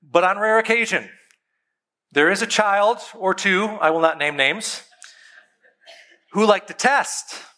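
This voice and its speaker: A man telling a story about being a parent. He talks straight to his listeners with rhetorical questions and acts out himself and his kids, his voice jumping up and down in pitch. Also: sharp tone. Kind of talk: conversational storytelling to an audience.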